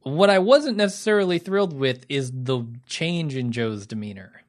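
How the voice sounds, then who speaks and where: A man co-hosting a casual film chat, measured and thinking aloud with fillers. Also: a little high, lively intonation. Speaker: podcast co-host.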